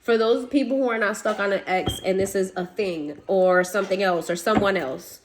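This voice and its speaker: A woman's voice: mid-range voice, moderate pace, background noise. A woman giving a casual tarot reading to her viewers, blunt and swearing, laughing now and then. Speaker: tarot reader.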